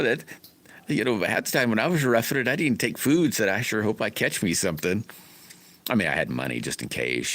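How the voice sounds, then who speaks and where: Folksy rambling man, very low voice. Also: fairly bright tone. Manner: rambling, folksy, greets chat by name. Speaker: livestream host chatting with viewers. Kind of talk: casual livestream chat.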